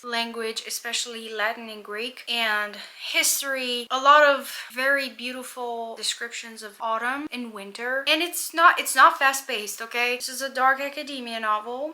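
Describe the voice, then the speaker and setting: A woman's voice: fairly high pitch, bright, forceful tone. A young woman talking casually about books she plans to read, gushing and chatty with lots of asides and restarts. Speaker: booktuber. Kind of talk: casual book chat.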